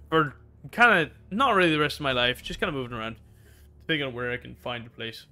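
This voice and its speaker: A man's voice: a little high, fairly bright tone. A young man chatting casually while gaming, tipsy and rambling, swearing freely. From United States. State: drunk. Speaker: gaming streamer.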